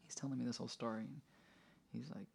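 A man's voice: medium pitch, fast, creaky, a little mellow, slightly rough. A man hosting a podcast, telling a personal story in an earnest, reflective way. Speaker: podcast host. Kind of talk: conversational storytelling.

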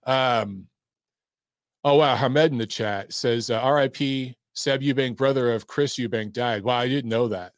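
A man's voice: medium pitch, a little slow, no room sound, clean studio sound. A man hosting a live call-in show about boxing, talking casually and bluntly with plenty of swearing as he reads the chat and takes calls. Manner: blunt, profane and laid-back.

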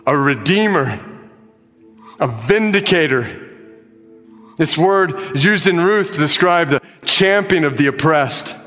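Male pastor, slow deliberate sermon delivery, recorded in a large church with music beneath. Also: fairly high pitch, lively intonation, a bit bright. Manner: slow, emphatic preaching with dramatic scripture reading. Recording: music behind, long hall reverb.

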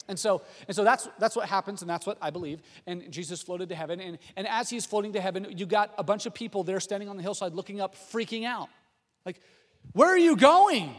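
A pastor delivers his sermon in a high, lively man's voice, slipping into the voices of the people in his stories. His words ring out with a long reverb from a large hall. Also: fast. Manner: animated storytelling, acting out quotes.

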